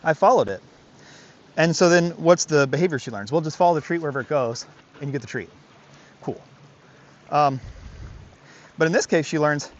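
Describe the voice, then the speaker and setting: A man's voice: a little high, lively intonation, a little fast, long pauses, muffled recording, slight background noise. A man working as a dog trainer, explaining his methods in casual commentary outdoors by a creek, often asking rhetorical questions and adding "right?".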